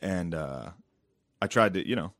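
Low-voiced crude laughing young man. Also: lively intonation, a bit bright, no echo, clean studio sound. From Central Pennsylvania. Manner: crude, laughing, mimics people in quick put-on voices. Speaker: comedian podcast co-host. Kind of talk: casual podcast banter.

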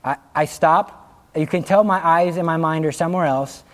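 A middle-aged man giving a lively religious talk, telling stories and laughing at his own jokes. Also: on the high side, moderate pace. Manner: animated storytelling, acting out quotes, laughing at his own jokes.

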